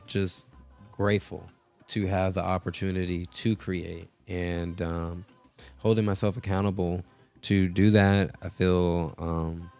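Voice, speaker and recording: A man hosts a casual live stream, rambling along and filling gaps with ums. His voice is deep and smooth with a gravelly edge, and he talks slowly. Faint music plays underneath. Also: darkish tone. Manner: rambling, many filler words. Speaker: host. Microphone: podcast mixer setup.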